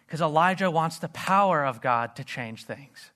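A man preaching a sermon in an earnest voice, reading scripture low and quiet. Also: lively intonation, normal speed. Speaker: pastor.

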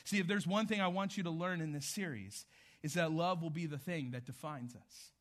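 A man's voice: fairly high pitch, a little fast. A man preaching a sermon as pastor, in a conversational storytelling manner. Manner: conversational storytelling, animated retelling.

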